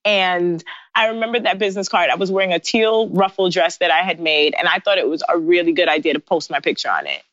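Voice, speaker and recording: A woman in her thirties, a guest on an interview, telling her story in a lively way with laughing asides and acted-out lines. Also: lowish voice, quick pace, no echo. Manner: animated, laughing asides, acts out her own past lines. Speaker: guest, bridal designer. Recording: dry, slightly dull sound.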